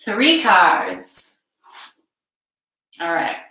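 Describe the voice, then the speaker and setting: A woman guiding a live card reading and breathing session in a slow, soothing way, step by step. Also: lowish voice, wildly swooping pitch, sharp tone, a little hiss or hum. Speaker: card reader and meditation guide. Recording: very echoey room.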